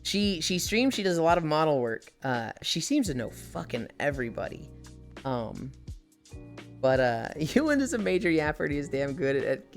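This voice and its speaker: A woman's voice: low voice, very animated, normal speed, soft background music. A woman live-streaming in casual chat, telling stories animatedly with frequent swearing and laughter.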